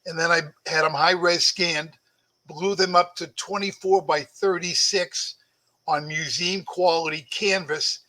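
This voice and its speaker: Boston-accented male guest, chatty and bright, slightly high voice. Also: steady tone, a little slow, poor audio. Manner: chatty, storytelling, self-promoting. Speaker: guest artist. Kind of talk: casual podcast chat.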